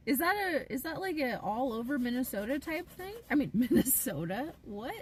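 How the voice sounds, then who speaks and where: A woman's voice: high-pitched, very animated, normal speed, hardly any pauses, breathy edge, far from the mic. Chatty woman streaming from her car. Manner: chatty and rambling, heavy use of "like". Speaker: live streamer. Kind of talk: casual live-stream chat. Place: inside a parked car.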